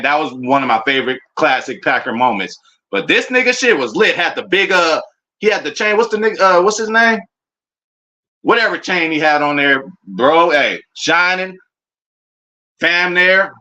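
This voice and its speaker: A man streaming a casual, excitable reaction to his football team's draft picks, full of slang and talking straight to his chat. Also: a little high. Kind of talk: casual live reaction commentary.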